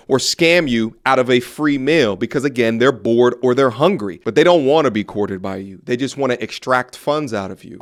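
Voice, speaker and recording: Man, commentary host, blunt and lecturing, heavy on slang, mid-range pitch.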